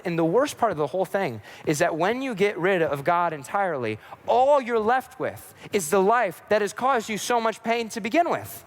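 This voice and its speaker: A man's voice: high-pitched, very animated, moderate pace, few pauses. A young man giving an earnest, sermon-style teaching on a podcast and speaking directly to his listeners. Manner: earnest, storytelling, direct address.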